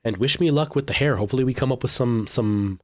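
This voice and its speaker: A man's voice: medium pitch, fast, dry recording, studio quality. A man in his thirties, a streamer casually chatting to his viewers in a rambling way, full of fillers and restarts. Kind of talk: casual chat with live chat.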